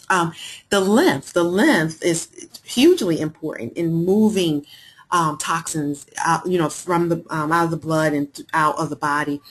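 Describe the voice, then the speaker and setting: A woman's voice: sits low, lively intonation, moderate pace, slightly rough. A woman hosting a live health webinar, talking in a chatty way and reading out and answering viewers' chat messages. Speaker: webinar host.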